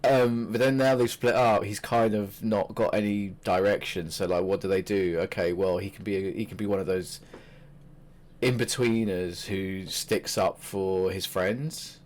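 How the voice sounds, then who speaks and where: A man co-hosting a podcast, chatting casually about wrestling, animated and swearing freely. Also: on the low side, unhurried. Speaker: podcast co-host.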